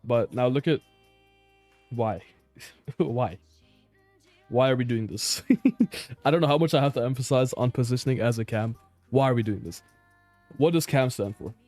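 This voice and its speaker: A man's voice: medium pitch, normal speed, pauses often, a little mellow, no room sound, faint music behind. Exasperated man breaking down match footage. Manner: blunt, exasperated, swears and laughs in disbelief. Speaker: player reviewing his own match footage. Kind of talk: casual gameplay review commentary.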